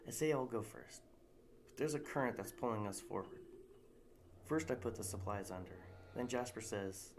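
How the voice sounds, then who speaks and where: A man's voice: on the low side, normal speed, background noise. A man reading a story aloud in a live narration, casual and unpolished, with restarts.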